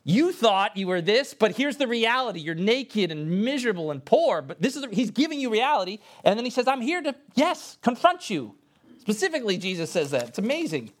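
A man's voice: sing-song, fairly quick, hardly any pauses. A male pastor preaching a sermon in an earnest, emphatic way, talking straight to his congregation and lifting his voice for stress. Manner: earnest, emphatic preaching with sudden rises in pitch and pace; addresses the congregation directly and conversationally.

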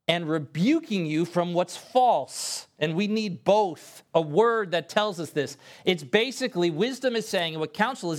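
A male pastor preaching a sermon in an earnest, emphatic way, talking straight to his congregation and lifting his voice for stress. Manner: earnest, emphatic preaching with sudden rises in pitch and pace; addresses the congregation directly and conversationally.

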